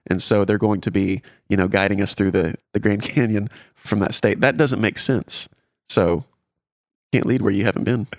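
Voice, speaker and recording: Low-voiced man, dry close sound. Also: steady tone, normal speed, no room sound. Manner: folksy, explains with examples. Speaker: podcast co-host and author. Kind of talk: casual conversation.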